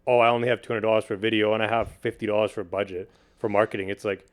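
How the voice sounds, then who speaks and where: Male guest, low-pitched, fast and loose delivery, relaxed slang-heavy chat. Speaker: podcast guest, video producer and beatmaker. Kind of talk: casual chat.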